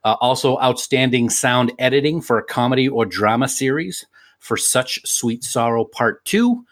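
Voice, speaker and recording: A man co-hosting a podcast in playful banter, reading promos briskly into a studio mic. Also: mid-range voice, lively intonation, a bit bright. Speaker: podcast co-host.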